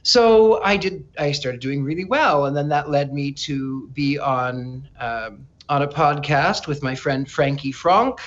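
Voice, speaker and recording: A man as a psychic guest in an interview, telling stories in an animated, chatty way with frequent stammered restarts. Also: on the high side, a little slow, few pauses, highs cut off. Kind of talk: casual interview storytelling.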